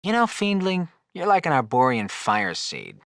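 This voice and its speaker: A gravelly, mocking floating skull. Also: male voice, a little high, huge pitch swings, moderate pace, fairly bright tone, no room sound, studio quality, heavily acted. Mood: wisecracking. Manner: teasing, flirtatious, sarcastic banter. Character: wisecracking, leering floating male skull. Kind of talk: video game dialogue.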